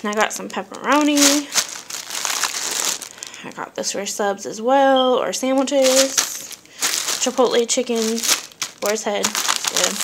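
A woman's voice: a little high, heavy background noise. A woman vlogger chatting casually as she shows her grocery haul, filling her talk with ums and asides. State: briefly out of breath. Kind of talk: casual chat.

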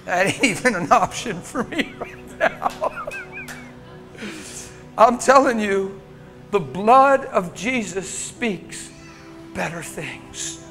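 An American man preaching a sermon in a church, impassioned, swinging from loud urging to hushed tones. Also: sits high, sing-song, slow pace, pauses often, soft background music. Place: church sanctuary.

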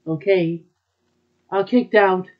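A woman voicing a laid-back adult female music teacher in a fan dub of an anime, with a low, drawling delivery. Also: slow, dull audio, natural voice. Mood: sheepish.

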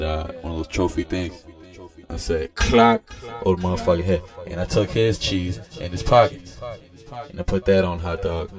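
Very deep male storyteller, laid-back and profane, faint beat behind. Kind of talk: comic rambling storytelling.

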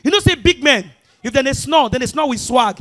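Male stand-up comic, Nigerian Pidgin accent, very high bright voice, animated and shouty. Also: a little fast. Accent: Nigerian Pidgin English. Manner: animated, acts out characters with shouts. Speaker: stand-up comedian. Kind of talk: stand-up comedy routine.

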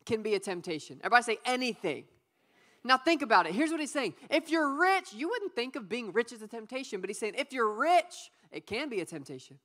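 A young adult woman giving a youth sermon, playful and lively, calling on the audience to repeat words back. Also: a little high. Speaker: youth pastor. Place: church youth service.

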